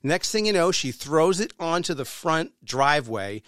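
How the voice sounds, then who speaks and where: A man on a podcast telling a story in casual, animated chat, swearing freely. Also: on the high side, normal speed, dry recording, clean studio sound.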